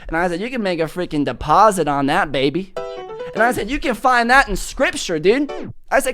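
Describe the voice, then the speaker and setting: A man hosting a comedy podcast, telling stories in a loud, prominent voice that carries, with plenty of cursing. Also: high voice, fairly quick, soft background music. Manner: animated storytelling with cursing. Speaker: podcast host. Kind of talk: comedic monologue. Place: studio.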